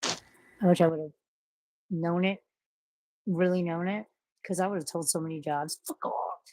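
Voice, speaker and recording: A woman's voice: on the low side, steady tone, normal speed, a little mellow, no room sound. A middle-aged woman talking frankly in a rambling, profane monologue about work and quitting jobs. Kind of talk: casual monologue.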